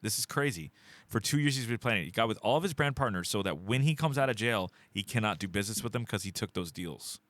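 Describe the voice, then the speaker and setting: A man's voice: lowish voice, fast, no echo. A man hosting a podcast, joking and chatting casually with friends. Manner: animated, joking, acts out quoted voices. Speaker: podcast host. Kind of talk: casual banter.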